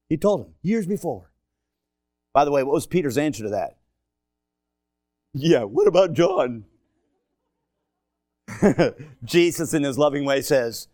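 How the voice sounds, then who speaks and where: A middle-aged man preaching a sermon in a church, swinging from shouted emphasis to hushed asides and joking with the congregation. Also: a little high, lively intonation, normal speed, long pauses, no room sound, studio quality. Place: church sanctuary.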